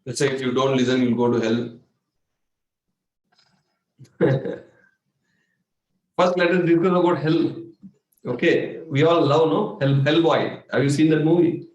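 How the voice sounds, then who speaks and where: Animated Indian man in an echoey room. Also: a little high, measured pace, long pauses, highs cut off. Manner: animated, playful, with sudden exclamations and mimicry. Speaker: meditation coach. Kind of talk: spiritual workshop talk.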